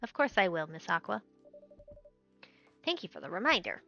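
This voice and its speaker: A woman streamer gently reading game dialogue aloud as the barista. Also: lowish voice, very animated, normal speed, muffled recording, soft background music.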